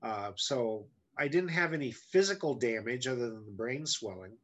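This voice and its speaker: A man's voice: mid-range voice, animated, moderate pace. Middle-aged man, podcast guest; blunt, candid storyteller with wry self-deprecating humor. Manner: blunt, candid, often profane. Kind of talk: casual storytelling in an interview.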